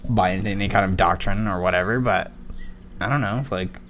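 A man's voice: low-pitched, fairly quick, fairly bright tone, slight background noise. A man co-hosting a casual podcast, telling stories with quoted voices and a lot of laughing. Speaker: podcast co-host. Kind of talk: casual chat.

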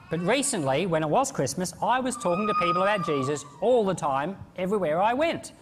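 A man preaching a sermon in an animated, conversational way. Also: fairly high pitch, in a large hall, slight background noise. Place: church.

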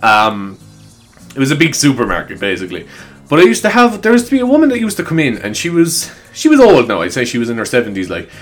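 A man's voice: mid-range voice, wildly swooping pitch, fast talker. A man with an Irish accent talking in a casual, rambling monologue to his viewers, swearing freely and laughing between points. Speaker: vlogger. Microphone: desk microphone. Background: faint upbeat music.

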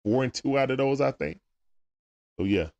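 A man's voice: medium pitch, moderate pace, a little mellow, muffled recording. A young man hosting a live stream, chatting casually with viewers and reading their comments in a laid-back, slangy way.

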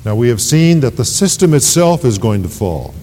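A man's voice: medium pitch, very animated, moderate pace, mellow. A male pastor preaching an evening sermon, reading scripture aloud with rising, emphatic delivery. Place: church sanctuary. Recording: long hall reverb, church sanctuary.

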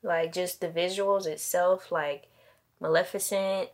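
A woman co-hosting a podcast, speaking slowly and bluntly with plenty of profanity. She pauses often and hunts for her words. Her delivery stays laid-back and conversational. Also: on the low side, fairly even intonation. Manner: unhurried, blunt, profane, hesitant with fillers. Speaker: podcast co-host. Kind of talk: casual chat.

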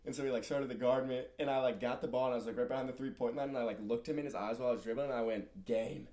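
A teenage boy co-hosting a podcast, telling animated, swearing stories in casual chat. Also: mid-range voice, rapid-fire. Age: teens. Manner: loud animated storytelling, swearing. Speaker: podcast co-host.

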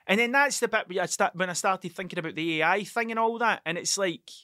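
High bright-voiced sweary Scottish man. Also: fast talker, no room sound, clean studio sound. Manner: sweary, tangent-prone, laughs at himself. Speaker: podcast host. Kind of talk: rambling monologue.

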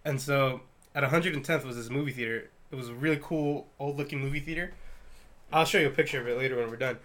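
A man's voice: mid-range voice, fast talker, a bit bright. A man in his twenties, co-hosting a casual chat. He tells stories with lots of swearing and laughter. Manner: profane, storytelling, laughs often. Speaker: podcast co-host.

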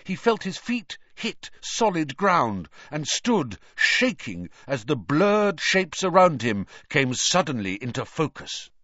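A man narrating a storybook in an expressive reading style. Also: a little high, slow, hardly any pauses, no room sound. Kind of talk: audiobook narration. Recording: dull, dry recording.

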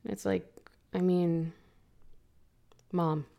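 A young woman co-hosting a book podcast, chatting in a relaxed, casual way, with lots of "like" and "um". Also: on the low side, takes it slowly, vocal fry. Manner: relaxed, fillers like "like" and "um". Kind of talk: casual chat.

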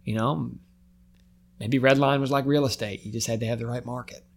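Raw, emotional middle-aged firefighter. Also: male voice, mid-range voice, steady tone, a little fast, creaky. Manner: raw and emotional, voice climbing when worked up, then trailing off quietly; repeats words and restarts mid-sentence. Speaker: firefighter, podcast guest. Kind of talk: personal storytelling in a podcast interview.

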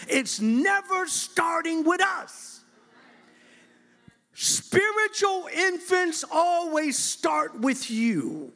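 A middle-aged man delivers a lively church sermon. His voice sits high with a gravelly edge, and he takes his time, playfully swinging from quiet asides to shouting. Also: slow. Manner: animated, playful, bursts into shouting and laughter. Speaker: bishop preaching. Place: church sanctuary with congregation.

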